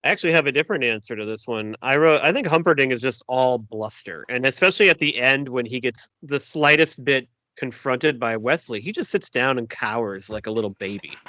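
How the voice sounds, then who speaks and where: A man's voice: medium pitch, animated, a little fast, few pauses, sharp tone, dry recording. A man hosting a casual podcast chat, leading the segments and quoting favorite movie lines. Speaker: podcast host.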